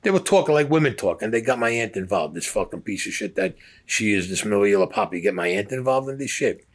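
A man's voice: on the low side, expressive, fast talker. A man recounting his past in heated, profane storytelling, acting out the voices of people he quotes.

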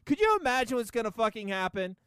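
Casting: male podcast host, high, smooth voice, profane sarcastic rant, dry close sound. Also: sing-song, quick pace, fairly bright tone, dry recording. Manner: profane, sarcastic, laughing often. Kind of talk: casual comedic rant.

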